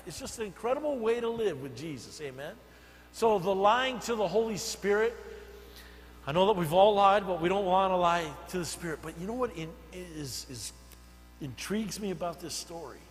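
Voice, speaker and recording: Older pastor guy preaching, highish voice, goes quiet then loud, echoey church w a bit of hum. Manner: storytelling, swings from soft asides to loud emphatic bursts. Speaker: senior pastor. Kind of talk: sermon. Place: church sanctuary.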